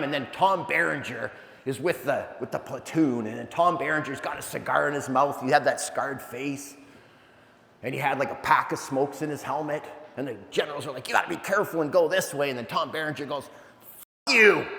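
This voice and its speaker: A man giving an animated, energetic motivational talk, telling stories with asides to a live audience. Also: mid-range voice, vocal fry. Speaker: keynote speaker. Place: large event hall. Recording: echoey hall, long reverb.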